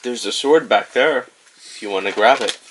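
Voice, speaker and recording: A man's voice: medium pitch, moderate pace, a bit bright, slight background noise, low-quality recording. A man playing a tabletop game, talking casually and speaking for his character. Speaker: player.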